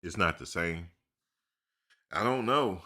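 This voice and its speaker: A man's voice: sits low, animated, takes it slowly, pushed and bright. A man hosting a live chat, talking loosely and animatedly, full of slang and "dude". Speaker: live stream host. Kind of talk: casual live chat commentary.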